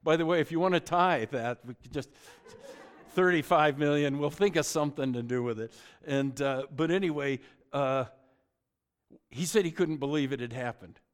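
A man's voice: fairly high pitch, moderate pace, smooth. A middle-aged man preaching a sermon, telling the story with joking asides and often restarting his sentences. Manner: frequent stammered restarts. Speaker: pastor.

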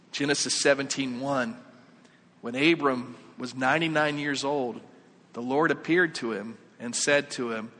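A man's voice: on the high side, bright, forceful tone. A man preaching a sermon, telling a story and acting out the dialogue with growing animation. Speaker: pastor. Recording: reverberant church hall.

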